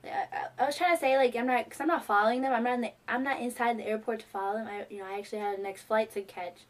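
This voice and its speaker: A teenage girl excitedly telling a rambling fan story, full of fillers. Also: fairly high pitch, very fast. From New York. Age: teens. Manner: gushing, rambling, many fillers. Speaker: fan vlogger.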